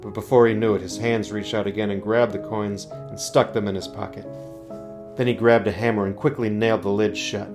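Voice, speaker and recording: A man reading a scary story aloud, slow and building suspense. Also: lowish voice, level tone, music in the background.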